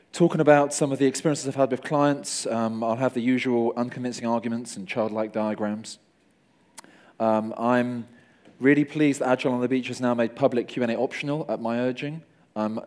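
A man's voice: mid-range voice, darkish tone. A man from Cornwall giving a conference talk in a toned-down Cornish English accent, with self-deprecating jokes and asides. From Cornwall, England. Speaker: conference speaker. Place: conference hall.

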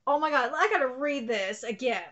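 A woman's voice: high-pitched, lively intonation, brisk, a bit bright, highs cut off. A woman hosting a live manga reaction, gushing and exclamatory and swearing freely as she comments.

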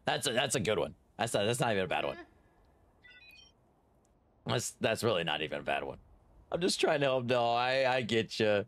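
A man with a Texan accent chatting excitedly while streaming a game and thanking viewers by name. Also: medium pitch, moderate pace, long pauses. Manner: excitable, reads out viewer names and thanks them. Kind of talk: casual gaming stream chat.

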